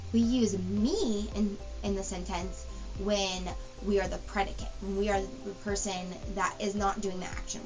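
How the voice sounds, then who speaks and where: A woman teaching a grammar lesson to young students, patient and explanatory, slowing down to spell out example sentences. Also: medium pitch. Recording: dull lo-fi recording with faint music.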